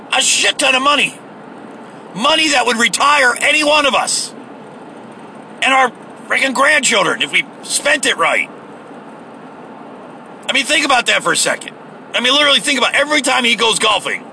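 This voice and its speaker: Guy venting in his car, swears a lot, sarcastic, sharp bright voice. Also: very high voice, creaky, a little hiss or hum, poor audio. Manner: profane, sarcastic, heated ranting. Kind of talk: ranting political monologue.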